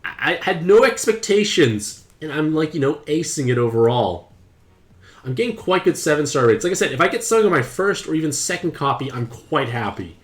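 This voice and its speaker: A young man chatting playfully to his viewers while streaming a mobile game, with excited outbursts. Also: a little high, brisk. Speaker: gaming streamer. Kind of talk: casual game commentary to live chat.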